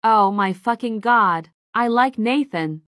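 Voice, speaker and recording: A woman's voice: on the high side, takes it slowly, a bit bright, no echo, clean studio sound. A woman voicing Val, a shy teenage girl with a crush, in a Roblox roleplay. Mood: flustered.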